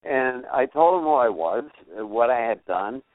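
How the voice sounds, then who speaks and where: In a casual interview, an older man who is a guest musician recounts stories at medium pitch and normal speed, acting out each person with animation. The sound has no echo and comes across dry and tinny, like a phone line.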